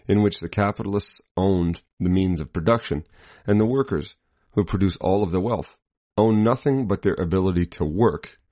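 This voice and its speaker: A man reading a scripted political commentary in a measured, deliberate way, marking each quotation aloud. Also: low voice, a little mellow, no room sound. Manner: spells out quotation marks.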